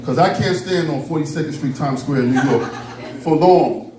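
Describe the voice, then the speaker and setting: A man's voice: on the high side, moderate pace, warm tone. A man performing a playful, loose stand-up routine, often dropping into character voices. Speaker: stand-up comedian. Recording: roomy, from far off, noisy.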